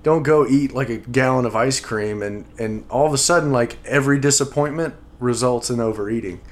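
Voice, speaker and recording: A man in casual conversation, telling a story haltingly with many restarts and repeated words. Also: mid-range voice. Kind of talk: casual podcast chat.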